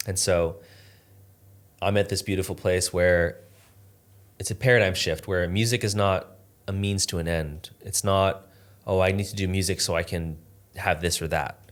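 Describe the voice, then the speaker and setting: A man's voice: deep voice, fairly even intonation, moderate pace, long pauses. A man as a podcast guest, earnestly telling a personal story in a reflective, casual way, with lots of "like". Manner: earnest, reflective, uses "like" often.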